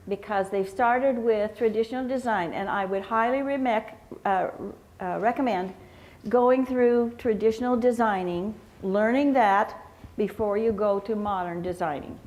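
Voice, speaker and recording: A woman teaching flower arrangement at a live seminar, explaining slowly with fillers and restarts. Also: mid-range voice, a little mellow. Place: convention hotel meeting room.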